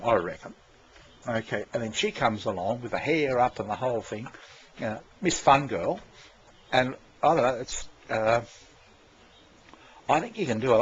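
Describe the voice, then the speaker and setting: A man rambles through a casual monologue, restarting sentences and swearing freely. His voice sits at an ordinary middle pitch. The recording is dull and lo-fi, with a faint hum of room noise behind him. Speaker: vlogger giving creative direction.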